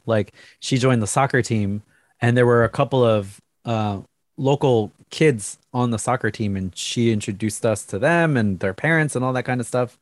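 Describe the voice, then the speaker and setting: A man's voice: medium pitch, dry recording, studio quality. A man co-hosting a casual chat over a video call, speaking hesitantly with frequent restarts and little laughs. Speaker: podcast co-host.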